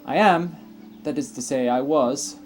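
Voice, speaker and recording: Brief: a man reading as a worried woman explorer in a game, pitched up, faint music behind. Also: a little slow, lightly acted. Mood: urgent. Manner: attempted accent, raised pitch.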